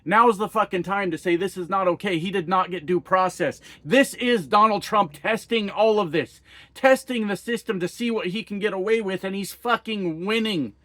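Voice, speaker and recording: A fired-up American trucker rants straight into the camera, swearing freely and hammering rhetorical questions. His voice sits high for a man, and the sound is dry and close, with no room around it. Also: normal speed, a bit bright, no room sound. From United States. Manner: heated, profane, rhetorical questions. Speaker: trucker vlogger. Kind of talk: angry political rant to camera.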